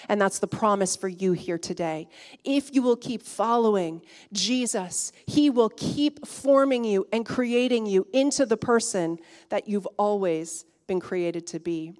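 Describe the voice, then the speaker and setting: A woman preaching a sermon in an earnest way, rising to emphatic peaks and then dropping soft. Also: mid-range voice, a little slow.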